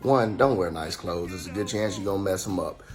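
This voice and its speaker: A very deep-voiced man runs through a list of tips in a dry, matter-of-fact way. Soft guitar plays underneath. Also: a little fast. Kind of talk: short video explainer.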